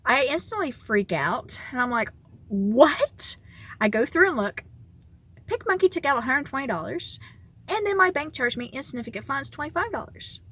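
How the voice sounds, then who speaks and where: A young woman vlogger telling a story in a casual, animated way, often laughing as she talks. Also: sits high, a little fast.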